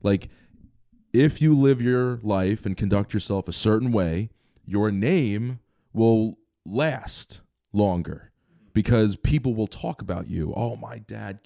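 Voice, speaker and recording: A young man co-hosting a podcast, telling stories in a rambling, animated way with lots of fillers. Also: lowish voice, slow pace, dry recording, studio quality. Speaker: podcast co-host. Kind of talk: casual chat.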